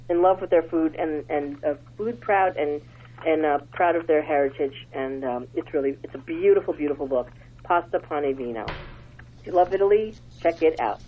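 A woman with a slightly low voice talks up a book in a loose, halting way, full of ums and restarts. Her voice comes through narrow and phone-like, over a radio line. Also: breathy edge. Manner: warm praise with frequent fillers and restarts. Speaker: publishing representative presenting books. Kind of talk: casual book talk.

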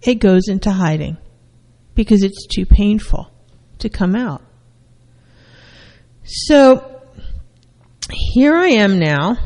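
A therapist explaining a concept to listeners at an unhurried pace. The delivery is measured, with pauses and restarts. The voice carries a long hall reverb. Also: medium pitch, warm tone. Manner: measured, with frequent fillers and restarts. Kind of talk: explanatory talk to an audience.

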